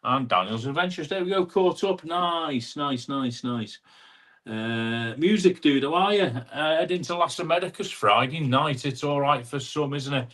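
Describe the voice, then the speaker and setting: A fairly high, somewhat bright male voice belongs to a livestream host chatting casually from his home room. He reads out viewer comments, calls everyone "mate," and keeps up a chatty stream of quick asides into a wireless clip-on mic.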